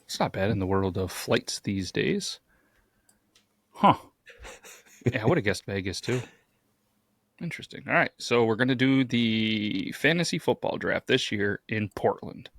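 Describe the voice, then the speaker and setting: A low-voiced man chats on a podcast, his pitch swinging widely as he talks. He laughs easily and reads out trivia in a dry way. The recording is close and dry, with no room sound. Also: a bit bright, no room sound. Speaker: podcast co-host. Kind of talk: casual chat.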